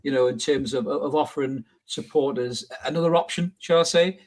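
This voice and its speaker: A man's voice: medium pitch, normal speed, darkish tone. A man hosting a fan podcast, chatty and joking as he brings in his guest. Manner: jokey, chatty, addresses guest directly. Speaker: podcast host. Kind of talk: casual podcast chat.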